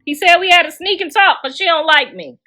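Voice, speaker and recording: A woman's voice: very high-pitched, animated, a little fast, sharp tone, faint music behind. A middle-aged woman ranting bluntly and profanely on a phone livestream. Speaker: livestream host.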